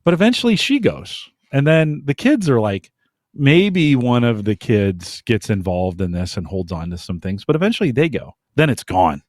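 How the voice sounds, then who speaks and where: Male co-host, mid-pitch, emphatic and animated, dry studio sound. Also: moderate pace, no room sound. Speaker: podcast co-host. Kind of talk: casual podcast chat.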